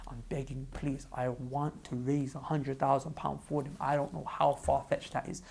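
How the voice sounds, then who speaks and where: A man's voice: mid-range voice, little pitch movement, normal speed, gravelly, darkish tone, husky. A man giving an impassioned vlog address as an online preacher, pleading fervently and often repeating himself.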